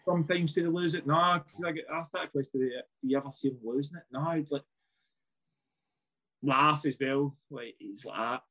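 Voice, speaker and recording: A man's voice: a little high, normal speed, sharp tone. A man with a Scottish accent, a former footballer, telling stories in a casual podcast chat, swearing freely and laughing as he goes.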